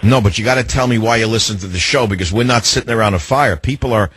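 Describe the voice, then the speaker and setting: A man's voice: lowish voice, fast talker, a bit bright, slightly rough. A man hosting a radio talk show, talking in an opinionated, emphatic and rambling way into a studio microphone.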